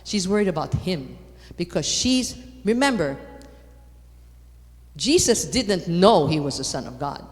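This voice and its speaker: A woman giving a lively conference talk, repeating her points for emphasis and putting rhetorical questions to the audience. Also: lowish voice, unhurried, pauses often. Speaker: conference speaker. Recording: long hall reverb.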